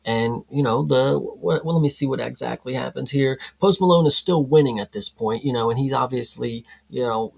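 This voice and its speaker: Gravelly laid-back man chatting. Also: medium pitch, moderate pace, hardly any pauses. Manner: laid-back, rambling with many "you know"s. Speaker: podcast co-host. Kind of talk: casual chat reviewing a film.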